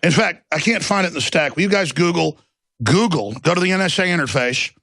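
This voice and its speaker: Gravelly, fervent ranting male host. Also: fairly high pitch, expressive, a little fast, dry recording, studio quality. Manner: loud, fervent, mocking. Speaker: talk show host. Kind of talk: ranting monologue.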